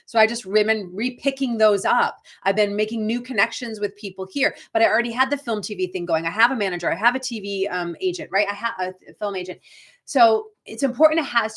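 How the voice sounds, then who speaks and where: A middle-aged woman with a Boston accent talks shop in a loose, chatty way, often checking in with a quick "right?" as she goes. Her voice sits at an ordinary middle pitch for a woman, and she hosts an unscripted live coaching session. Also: a bit bright. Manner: chatty, frequent "right?" tag questions, reads viewer comments aloud. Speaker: acting career coach. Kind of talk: live-stream coaching chat.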